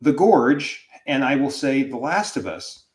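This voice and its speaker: Man, professor, mid pitch, animated, rambling restarts, casual podcast talk. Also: a little slow. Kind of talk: casual discussion.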